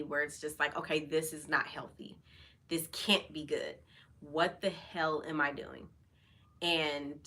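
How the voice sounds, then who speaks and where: A woman with a lowish, bright voice and a forceful tone hosts her own vlog. Over wine, she talks candidly and casually about her feelings, chatty and full of fillers.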